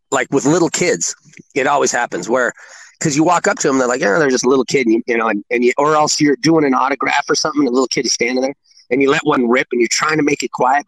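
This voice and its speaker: A man's voice: mid-range voice, no room sound, rough recording. A man, a former sports mascot, telling funny stories in casual chat, laughing and acting out quotes. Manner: animated, laughing, acts out quotes.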